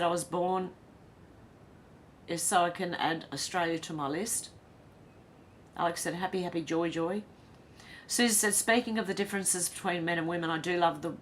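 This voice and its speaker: Woman host, low voice, reads chat and reacts, faint rumble in background. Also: a bit bright. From Ireland. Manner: reads comments then reacts with quick asides and laughs. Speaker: livestream host reading chat. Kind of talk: casual chat reading viewer comments aloud.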